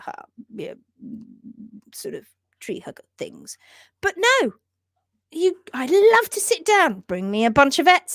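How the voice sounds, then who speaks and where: Brief: woman, livestream host, emphatic and indignant, somewhat high, dry close sound. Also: dry recording. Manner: animated, emphatic, indignant rants. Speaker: hoof trimming educator, livestream host. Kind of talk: livestream chat reading comments.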